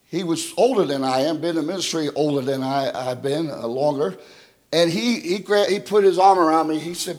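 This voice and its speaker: A man preaching a sermon, swinging between loud exhortation and hushed storytelling. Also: on the high side, moderate pace, big-room sound.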